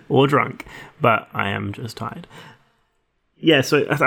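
Giggly man with a gravelly voice. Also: medium pitch, drawn-out words, fairly bright tone. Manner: giggly, rambling, self-mocking. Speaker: podcast co-host. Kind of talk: casual chat recapping a TV episode.

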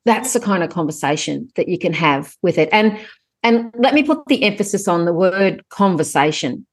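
Animated, chatty middle-aged woman guest. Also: normal speed. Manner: animated, chatty, jumps up in pitch when excited. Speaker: guest author. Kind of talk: casual podcast interview.

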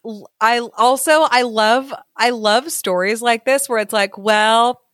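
A woman co-host chatting casually, excitable and full of joking asides. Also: a little high, measured pace, dry recording, clean studio sound. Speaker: podcast co-host. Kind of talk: casual chat.

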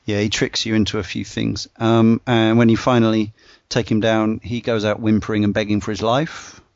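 A man in a casual podcast discussion, talking in a relaxed, rambling way with lots of "uh" fillers. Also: fairly low pitch, normal speed, no echo, muffled recording. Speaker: podcast panelist walking through game bosses.

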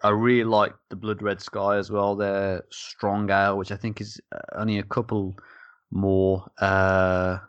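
A man hosts a beer podcast in loose, joking banter. His voice sits a little low, and he keeps teasing and laughing between questions. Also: little pitch movement, a little slow, clean tone, lo-fi sound. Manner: jokey, laughing, playful. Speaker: podcast host.

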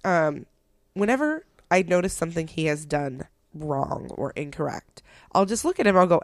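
A woman in a relaxed podcast chat, talking in a slightly low voice. She tells stories with lots of animation and quick laughs. Her recording is close and dry, with no room sound at all. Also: no room sound. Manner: animated storytelling, laughs often. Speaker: podcast co-host, parent. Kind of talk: casual chat.

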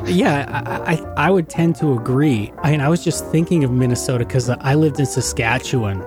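A man's voice: medium pitch, a little fast, music in the background. A man hosting a podcast, asking friendly, joking questions in a casual interview. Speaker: podcast host.

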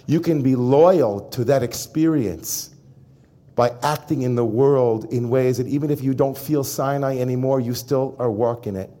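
Animated man preaching a sermon. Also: medium pitch. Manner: animated, addresses the congregation directly. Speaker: rabbi. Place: synagogue before a congregation.

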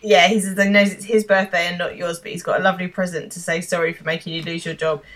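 A woman's voice: on the low side, little pitch movement, fast talker, a bit bright. A woman co-hosting a podcast, casually recapping a TV episode, swearing and laughing often. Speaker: podcast co-host.

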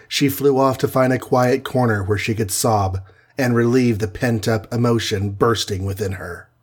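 A man with a husky voice narrating a superhero adventure story in an even storytelling manner. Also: medium pitch, normal speed. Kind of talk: audiobook narration.

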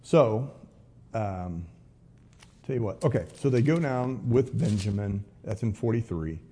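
Male pastor leading a live Bible study. Husky, warm-toned, and conversational, with wry asides between readings. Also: lowish voice, expressive, unhurried. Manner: reads scripture aloud, then breaks off for wry, casual asides. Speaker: pastor teaching a Bible class.

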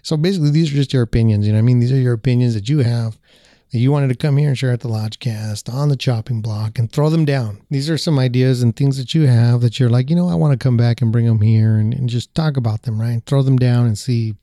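Dark-voiced, laughing podcast host man. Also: medium pitch, quick pace, no room sound, studio quality. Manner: laughing, easygoing, restarts often. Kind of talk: casual podcast interviewing.

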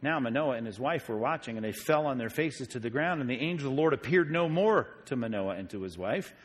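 A man's voice: mid-range voice, brisk. A man, a pastor, teaching a sermon on Bible passages in a conversational way, often asking his listeners questions. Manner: conversational, animated, asks the audience questions.

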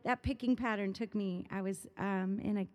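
A woman's voice: medium pitch, fairly even intonation, moderate pace, darkish tone. A woman musician in her thirties in a casual interview, chatting animatedly, often laughing and rambling through stories. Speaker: musician guest.

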